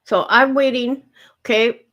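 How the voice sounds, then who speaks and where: A woman's voice: a little high, fairly even intonation, measured pace, fairly bright tone, muffled recording. A woman hosting a livestream in casual chat, talking straight to her viewers and repeating herself as she goes. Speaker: livestream host.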